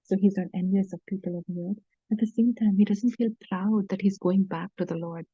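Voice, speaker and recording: Woman doing a devotional talk, really dark husky voice, flat delivery, lots of ums and restarts, dull dry lo-fi sound. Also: mid-range voice, fairly quick, no echo. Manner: earnest, with frequent fillers and restarts. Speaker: devotional speaker. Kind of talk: devotional talk retelling scripture stories.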